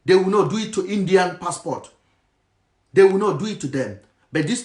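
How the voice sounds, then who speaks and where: Impassioned Nigerian man, high voice. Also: roomy sound. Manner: passionate, with Nigerian Pidgin phrases. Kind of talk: impassioned monologue.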